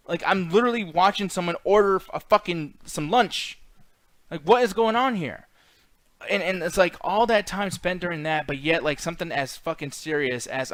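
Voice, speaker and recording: A man's voice: fairly high pitch, fairly quick, fairly bright tone, no room sound. A man co-hosting a casual movie review podcast, ranting in an exasperated, profane way. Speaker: podcast co-host.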